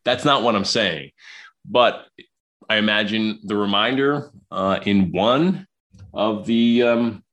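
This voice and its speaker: A man's voice: on the low side, slow, a bit bright. A man from Queens, a psychologist talking as a podcast guest, chatty and prone to repeating his words. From Queens, New York. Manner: talkative, repeats words when starting sentences. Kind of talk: podcast interview conversation.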